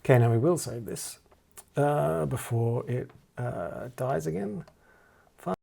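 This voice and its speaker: A man with a gravelly, fry-laden voice walks through a music editing tutorial in a loose, casual way. He hesitates a lot, stacks up ums and restarts, and often trails off. His pitch sits right in the middle for a man. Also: slow pace, mellow. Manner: hesitant, many ums and restarts, self-deprecating. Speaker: music producer teaching a DAW. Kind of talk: casual screen-recorded tutorial.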